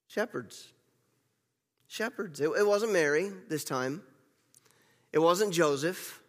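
A man's voice: a little high, takes it slowly. A male pastor giving a conversational sermon, repeating phrases for emphasis. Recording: long reverb of a large hall.

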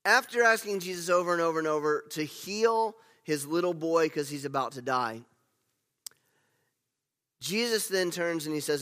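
A man preaching a sermon as pastor, telling the story with animated swings between loud emphasis and hushed asides. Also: a little high. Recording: long reverb of a large hall.

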